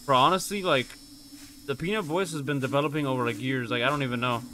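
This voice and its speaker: A man's voice: mid-range voice, fast, sharp tone, slight background noise. A man streaming a game live, swearing and exasperated, who keeps calling out for his teammate. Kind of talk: live gameplay commentary.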